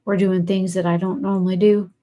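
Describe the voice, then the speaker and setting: A woman's voice: medium pitch, little pitch movement, brisk, dark tone. A woman, chatting casually and bluntly while streaming a game, swearing freely. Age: 40s. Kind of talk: casual gaming stream chat.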